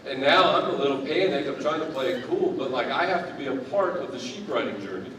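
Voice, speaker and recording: A man's voice: mid-range voice, animated, fairly quick, fairly bright tone, slight background noise. A man in his thirties giving a commencement speech as keynote speaker, full of humorous, self-deprecating storytelling. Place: large indoor university arena. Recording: echoey arena, picked up from a distance.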